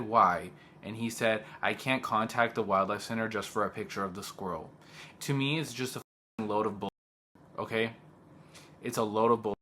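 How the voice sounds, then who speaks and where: A young man who teaches speaks in a sharp, lowish voice, with slight background noise, while telling a personal story on a casual vlog. He gets agitated, drops "like" often, and repeats other people's lines word for word.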